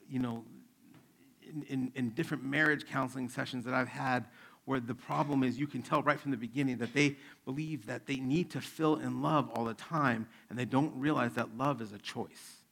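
A middle-aged man, a pastor, preaching a sermon in a relaxed, conversational way with stories from home. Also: medium pitch, gravelly. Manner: conversational preaching, acts out his kids' voices.

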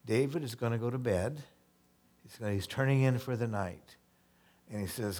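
A male pastor preaching, reading scripture slowly and then explaining it in a casual, conversational way, often repeating words as he goes. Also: mid-range voice, darkish tone. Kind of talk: sermon.

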